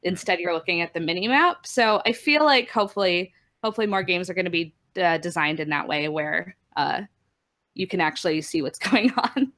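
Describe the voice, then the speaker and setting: A woman's voice: lowish voice, animated, a little fast, a bit bright. Chatty, laughing woman from Minnesota. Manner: chatty, laughs often, restarts. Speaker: podcast co-host. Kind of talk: casual chat.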